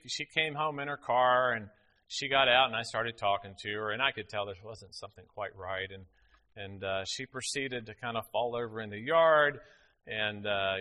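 A man's voice: mid-range voice, bright, forceful tone. A middle-aged man preaching a sermon, telling a family story in a folksy way with many fillers.

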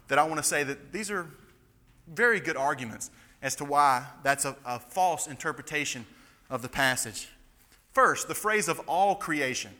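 A man's voice: on the high side, sharp tone. A man preaching an expository sermon, emphatic and building to fervent passion. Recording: long reverb of a large hall.

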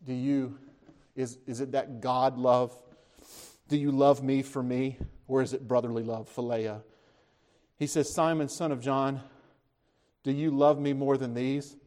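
A man preaching a sermon, retelling scripture as a story, asking his listeners questions and lifting his voice when he speaks the disciples' lines. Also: measured pace. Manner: animated storytelling, voices the disciples' words with rising pitch; conversational, asks the listeners questions.

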